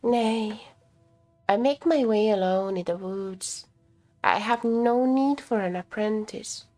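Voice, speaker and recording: A woman voicing a wretched, rag-covered female spirit-lord who speaks in a rasp, slow and solemn, as part of a storybook reading. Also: mid-range voice, a little mellow, faint music behind, voice pushed up, lightly acted. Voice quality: rasping.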